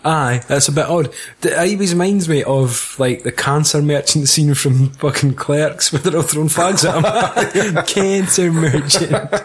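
A man's voice: fairly high pitch, a little slow, few pauses, breathy edge. A young Scottish man in casual film chat, sweary and laughing often as he co-hosts. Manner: laughing, sweary, puts on silly voices. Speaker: podcast co-host.

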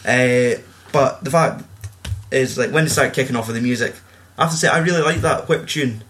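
A man's voice: medium pitch, fairly quick, a bit bright. Sweary man chatting about a film. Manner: swears a lot, acts out quotes in raised voices. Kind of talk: casual film chat.

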